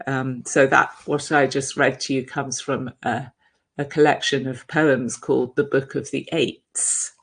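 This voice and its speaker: A woman meditation teacher giving a dharma talk over a video call, gentle and reflective, with soft hesitations. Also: very deep voice, steady tone, measured pace, slightly rough.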